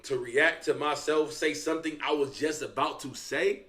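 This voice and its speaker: A man's voice: a little high, steady tone, moderate pace, fairly bright tone. A young man giving loose, profane reaction commentary and talking straight to his viewers. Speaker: reaction streamer.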